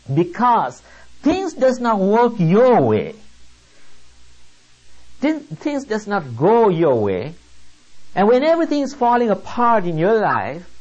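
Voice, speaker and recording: A preacher gives a sermon at an unhurried, deliberate pace, leaning hard on each point with rhetorical questions. The voice sits in a middle register. The recording sounds muffled and lo-fi. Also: medium pitch, a little mellow. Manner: slow, emphatic, rhetorical questions.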